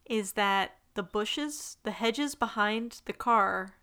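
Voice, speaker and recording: A woman's voice: medium pitch, slow, sharp tone. A woman co-hosting a casual podcast, recapping a TV episode in an easygoing, giggly way. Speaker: podcast co-host. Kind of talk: casual chat recapping a TV show.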